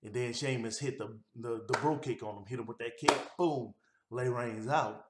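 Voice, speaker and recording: A man's voice: mid-range voice, steady tone, brisk, heavy background noise. A man giving a casual, rambling recap of a wrestling show, with easygoing delivery and frequent fillers. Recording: roomy echo.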